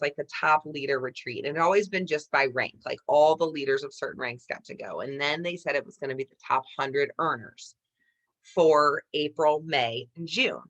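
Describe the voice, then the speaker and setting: A woman in her thirties, a network marketing leader, telling a motivational personal story with animated energy, often addressing listeners as "you guys". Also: low-pitched.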